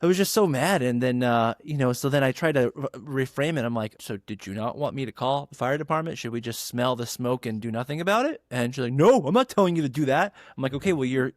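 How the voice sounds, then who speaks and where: A male pharmacist guest telling a story in an animated, casual way and acting out the people in it. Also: fairly quick, dry recording, studio quality. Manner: animated, acts out quotes with big pitch jumps.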